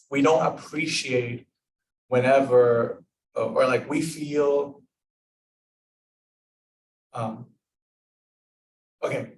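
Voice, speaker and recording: Young man, gravelly voice, casual rambling group talk, echoey room, mic far off. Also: medium pitch. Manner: rambling, filler-heavy, acts out example dialogue. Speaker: club discussion leader. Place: club meeting room.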